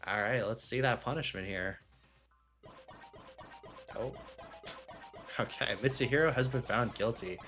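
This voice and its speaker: A man's voice: mid-range voice, a little slow, long pauses, fairly bright tone, faint music behind. A young man giving amused, chatty commentary while playing a game. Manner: chatty, amused, laughing asides. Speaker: let's play gamer.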